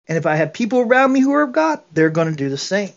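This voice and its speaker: A man's voice: high voice, sing-song, quick pace, gravelly, dull audio. A man from Georgia, US, sharing earnestly in an online bible study, preachy and repetitive, with restarts.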